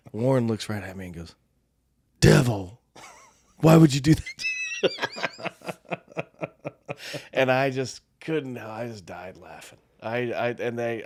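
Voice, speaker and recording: A man's voice: deep voice, darkish tone, no echo. A middle-aged man, a former Marine, co-hosting a podcast and telling stories casually, laughing often. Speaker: podcast co-host. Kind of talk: casual storytelling chat.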